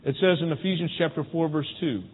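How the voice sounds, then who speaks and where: Male preacher, somewhat high voice, conversational sermon, thin phone-like audio with a long church echo. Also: fast, breathy edge. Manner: conversational preaching, rhetorical questions to the congregation. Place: church sanctuary. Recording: phone-like, with long hall reverb.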